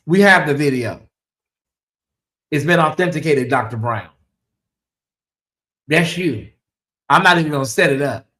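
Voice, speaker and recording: A man's voice: on the high side, unhurried, pauses often, pushed and bright. A man hosting a gossip show in casual commentary, sassy and chatty, calling his viewers y'all and honey. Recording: echoey room.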